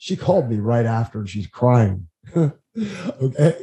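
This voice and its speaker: A man guesting on a podcast, telling stories in a lively, rambling way and acting out what others said. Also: mid-range voice, unhurried, poor audio. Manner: animated, acts out quotes, frequent restarts. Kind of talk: casual storytelling chat.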